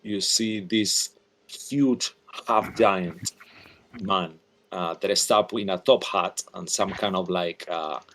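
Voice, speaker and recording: A man's voice: low voice, slow, a bit bright, slight background noise. Hesitant male game master. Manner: hesitant, many likes and ums. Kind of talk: narrating a tabletop game.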